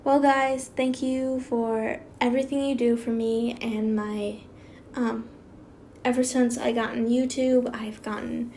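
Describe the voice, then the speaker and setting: A woman's voice: on the high side, level tone, measured pace, warm tone, a little hiss or hum. Rambling, chatty woman reading fan fiction. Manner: rambling, self-interrupting, giggly. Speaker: YouTube fan fiction reader. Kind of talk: casual read-aloud with chatty asides.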